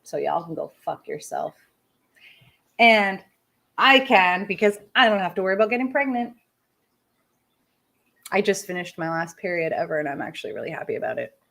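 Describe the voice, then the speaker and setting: A woman's voice: on the low side, big pitch swings, normal speed, gravelly, long pauses, a bit bright. A woman hosting a casual talk-radio show, ranting with lots of swearing and chatting about her day. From outside the United States. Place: home studio, smoking while on air.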